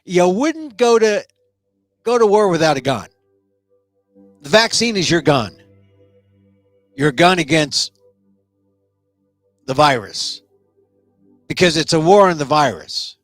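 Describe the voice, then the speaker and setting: Brief: male host, animated and rambling, slightly higher voice, dry close sound. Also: takes it slowly, long pauses, dry recording, faint music behind. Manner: animated, rambling, joking asides. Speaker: talk show host. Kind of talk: casual live-stream monologue.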